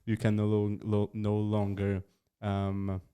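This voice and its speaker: A man hosts a casual podcast and talks in a relaxed, hesitant way, often saying "um" and laughing. His voice is lowish and mellow, with a smooth, clean sound. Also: slow pace. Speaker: podcast host.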